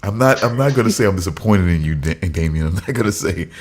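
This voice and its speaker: A man's voice: deep voice, expressive, quick pace. A man co-hosting a casual podcast chat, laughing a lot and mock-scolding a friend with teasing banter. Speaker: podcast co-host.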